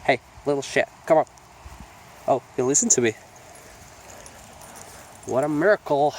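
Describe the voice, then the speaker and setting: A man's voice: medium pitch, unhurried, long pauses, a little mellow, slight background noise. A man vlogging outdoors by a lake in the rain, sniffly and getting sick, swearing freely as he scolds and coaxes his dog. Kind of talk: casual outdoor vlog talking to his dog. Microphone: phone.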